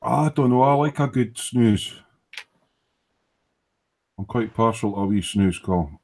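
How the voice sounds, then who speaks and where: Deep-voiced scottish guy chatting at his workbench, swears a lot, jokey and mumbly. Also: lively intonation, a little slow, darkish tone. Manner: joking, swears often, drifts into muttering. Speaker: host of a live model-making stream. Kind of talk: casual late-night chat while building a kit. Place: at a hobby workbench.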